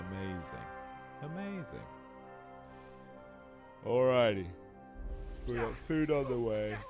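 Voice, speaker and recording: A man livestreaming a game, chatting with viewers in a profane, theatrical way with mock-lordly outbursts. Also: mid-range voice. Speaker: voice actor streaming a game. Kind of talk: casual livestream chat. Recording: stream with game music behind.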